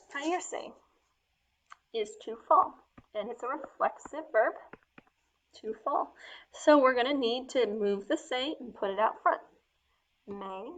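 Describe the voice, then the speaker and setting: A woman teaching Spanish verb forms step by step while writing them out, talking through each change slowly and sometimes dropping to a soft murmur as she writes. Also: mid-range voice, slight background noise. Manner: slow, step-by-step explaining. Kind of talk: explaining grammar while writing.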